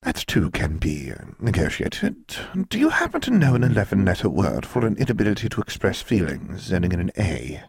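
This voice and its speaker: A man's voice: deep voice, wildly swooping pitch, fairly quick, few pauses, husky, heavily acted. A man doing a languid serpent-woman warden. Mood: mocking. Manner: languid, mocking. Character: sly serpent-tailed female prison warden.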